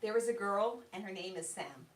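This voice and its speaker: A woman author reading her novel aloud and then talking about her career at a bookstore event, in a plain, unhurried storytelling voice. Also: mid-range voice, lively intonation. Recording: roomy hall sound, distant mic.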